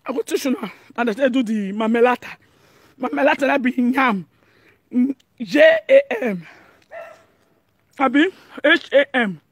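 A woman's voice: high-pitched, dry recording. A woman with a Nigerian accent chatting casually to her vlog audience, laughing often and speaking pidgin English. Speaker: vlogger. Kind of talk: casual home vlog chat.

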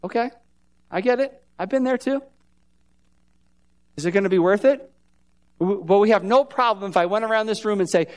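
A man with a notably high voice preaches to his church as pastor. His delivery is conversational and often turns to the congregation with questions. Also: normal speed, long pauses. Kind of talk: sermon. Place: church sanctuary.

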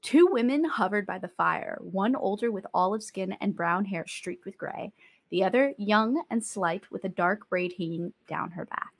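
A woman co-hosting a relaxed podcast chat, reading passages aloud and reacting with animated exasperation. Her voice sits in the middle of the female range, lively and talkative. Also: medium pitch, moderate pace, creaky. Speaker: podcast co-host. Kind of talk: casual critique chat.

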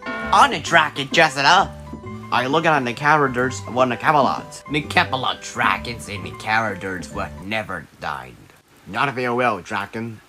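A man voicing an excitable cartoon character who bickers with a witch in an animated, squabbling way. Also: mid-range voice, normal speed, over music, close to an everyday voice. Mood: bickering. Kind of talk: cartoon voice acting.

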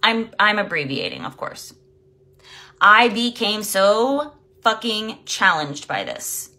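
A woman's voice: mid-range voice, wildly swooping pitch, slow, sharp tone. A woman life coach talking casually on a live stream, blunt and emphatic, swearing freely and greeting viewers by name.

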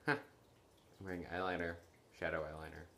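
A man's voice: low-pitched, flat delivery, moderate pace, vocal fry, sharp tone, slight background noise. A young man in his late teens chatting casually to camera from his bedroom, tired and yawning, rambling apologetically with lots of fillers and restarts. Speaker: vlogger. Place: bedroom at home.

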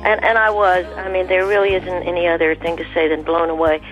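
A woman, a guest singer on a radio interview, speaking in halting phrases with frequent restarts. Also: on the low side, level tone, lo-fi sound, over music. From American South.

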